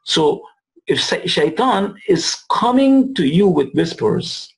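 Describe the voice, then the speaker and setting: A man teaching an Arabic and Quran lesson, repeating phrases, asking "right?" and slowly drawing out Arabic words for students to copy. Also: high voice, sing-song, creaky, poor audio. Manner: repeats phrases and asks "right?" to check understanding; drawls Arabic words slowly to model pronunciation. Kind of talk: classroom lesson.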